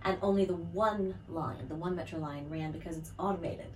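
A woman's voice: fairly low pitch, a little fast, darkish tone, distant mic, slight background noise, poor audio. An American woman in a casual interview, chatty and self-deprecating, laughing often. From United States. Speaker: musical theatre actress, interview guest.

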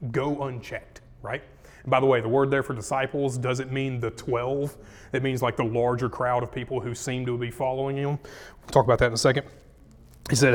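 A man's voice: medium pitch, big-room sound. Folksy man teaching Bible study. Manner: folksy, paraphrases scripture in slangy speech.

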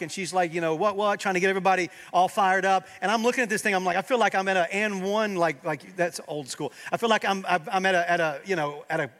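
A man preaching a sermon as pastor, swinging from loud emphatic peaks to quiet, earnest low passages. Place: church sanctuary.

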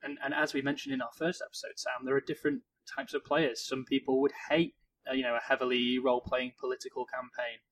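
A man from Cheshire, co-hosting a casual podcast and giving calm, encouraging advice with small restarts. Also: mid-range voice, fast, low-quality recording. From Cheshire, England. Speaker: podcast co-host.

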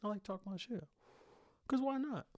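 A young man hosting his own podcast alone, ranting in a boastful, profane and animated way. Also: high-pitched, normal speed, no echo, studio quality. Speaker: podcast host. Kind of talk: solo podcast rant. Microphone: single studio microphone.

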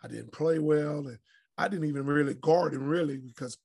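Here a middle-aged ex-basketball pro talks a little fast in a slightly high, husky voice with vocal fry. As a podcast guest in a laid-back interview, he tells animated stories that are blunt and full of profanity.

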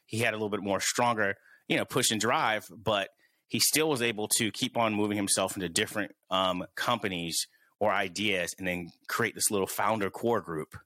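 A man's voice: lowish voice, normal speed, bright, forceful tone, no room sound. A man hosting a casual podcast, thinking aloud with many restarts. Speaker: podcast host.

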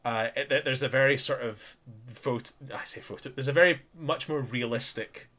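A bright, forceful male voice in relaxed podcast conversation. He talks about a show with lots of filler words and restarts. When he quotes characters he jumps into loud, excited bursts. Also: medium pitch, normal speed. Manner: animated, breaks into loud quoted voices while retelling scenes. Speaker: podcast co-host. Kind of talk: casual chat reviewing an anime.

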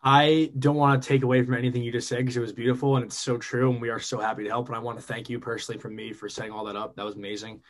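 Fast-talking teasing podcast host. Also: male voice, mid-range voice, level tone. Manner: quick, teasing, jokey banter. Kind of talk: casual podcast chat.

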